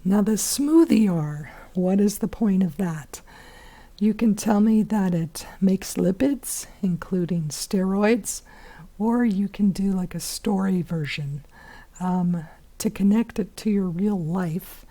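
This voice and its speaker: A hoarse woman teaching biology in a chatty recorded lesson, with many fillers and whispery asides. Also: medium pitch, takes it slowly, mellow.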